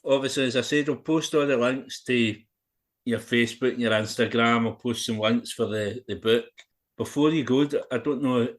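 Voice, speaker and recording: A man's voice: mid-range voice, moderate pace. A man hosting a podcast, chatting casually with his guest and reacting with short, easygoing questions. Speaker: podcast host. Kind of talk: casual interview chat.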